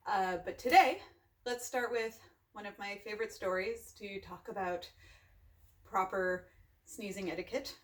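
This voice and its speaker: A woman hosting a children's storytime, reading a picture book aloud and gently asking the listeners questions. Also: mid-range voice. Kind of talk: interactive read-aloud for children.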